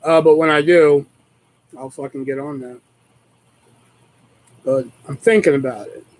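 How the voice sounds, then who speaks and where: A man hosting his own live stream talks in a loose, rambling way. He swears nearly every sentence, and his voice sits a little high for a man. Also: fairly even intonation, a little slow, a little mellow, no room sound, low-quality recording. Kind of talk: casual live stream chat.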